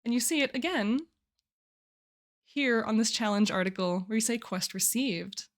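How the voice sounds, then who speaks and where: A woman's voice: fairly high pitch, lively intonation, moderate pace. A young woman streaming live, chatting casually and giggling often as she walks through her writing challenge. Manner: chatty, giggly, restarts phrases.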